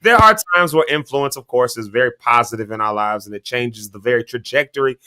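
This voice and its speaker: A man's voice: mid-range voice, a little fast, bright, forceful tone. A man co-hosting a morning talk show, chatting casually, laughing often and teasing his co-hosts as he tells a story. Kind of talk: casual chat.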